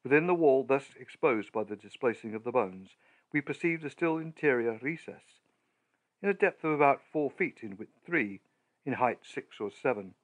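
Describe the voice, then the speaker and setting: A man narrating a horror audiobook in a measured, deliberate, storytelling manner. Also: mid-range voice, lively intonation.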